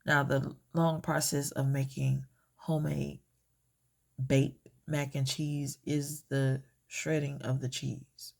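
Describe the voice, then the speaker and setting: A woman walks through a home cooking tutorial in an unhurried, drawn-out way. Her voice has a gravelly, creaky edge, and she hesitates often, filling gaps and correcting her own words. The talk stays casual and homey. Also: extremely low pitch, little pitch movement, darkish tone. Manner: hesitant, self-correcting, many fillers. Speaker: home cook.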